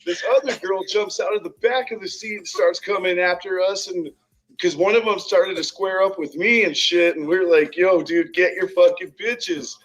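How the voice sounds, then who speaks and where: A man's voice: high voice, normal speed, fairly bright tone, poor audio. A young man telling a rowdy story to his friends, swearing a lot and laughing often. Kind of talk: casual chat.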